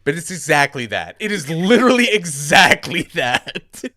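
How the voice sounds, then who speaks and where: A man's voice: fairly high pitch, sing-song, moderate pace, bright, forceful tone, no echo, clean studio sound, faint music behind. A man co-hosting a podcast, chatting casually in a hesitant way, with many fillers. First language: English. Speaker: podcast co-host.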